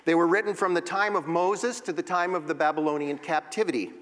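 Male Bible teacher giving a patient, explanatory lesson; somewhat high-pitched, recorded in a reverberant hall. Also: steady tone, brisk, fairly bright tone. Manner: explanatory, reads verses aloud and taps out rhythms.

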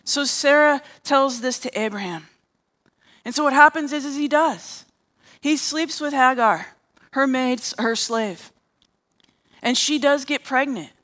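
A woman's voice: high voice, measured pace, long pauses, fairly bright tone. A woman preaching a sermon as a therapist, telling a story and acting out the characters' lines.

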